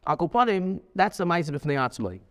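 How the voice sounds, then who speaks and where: A man teaching a lively lecture, telling stories with emphatic, animated delivery and many repeats. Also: on the high side, brisk, big-room sound. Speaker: Torah teacher.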